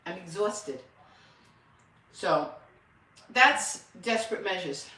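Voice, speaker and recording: A woman's voice: fairly low pitch, animated, slow pace, pushed and bright. Older lady rambling on a home live stream, counting reps, voice kinda far off in a roomy space. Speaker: lifestyle channel host. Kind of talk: casual live-stream chat. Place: home room with a mirror. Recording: echoey room, voice from a distance.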